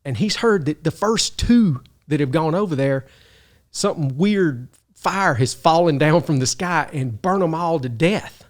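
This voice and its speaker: A man hosting a video who tells a story in casual talk, animated, chuckling often and restarting his sentences. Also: fairly high pitch, unhurried. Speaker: video host.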